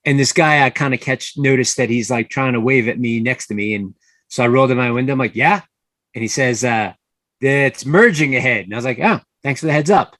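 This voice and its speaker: A mid-pitched male voice in a dry, close recording. A young distillery owner telling relaxed, anecdotal stories in a casual podcast chat. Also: a little fast, dry recording.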